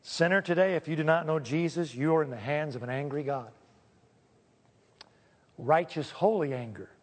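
A pastor preaching a sermon, joking one moment and pleading solemnly the next. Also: male voice, a little high, long reverb tail.

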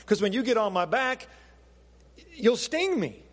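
A man's voice: very high-pitched, sing-song, unhurried, big-room sound, heavily acted. A man voicing a clever, wary male frog in a sermon story, talking in an indignant way.

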